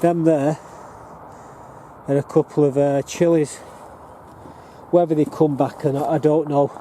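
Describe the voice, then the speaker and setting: A northern English allotment gardener and vlogger walks through his plot, speaking to the camera in his hand in a rambling, plain-spoken way. His voice is on the high side and dark, with little pitch movement and a slightly slow pace, and faint outdoor noise sits in the background.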